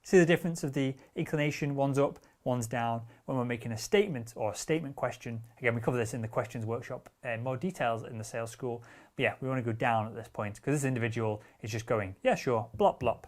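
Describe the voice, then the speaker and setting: A man's voice: mid-range voice, fast. A man teaching sales techniques in a direct, assertive coaching manner, with casual wording and the odd curse word. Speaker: sales trainer. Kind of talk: instructional talk.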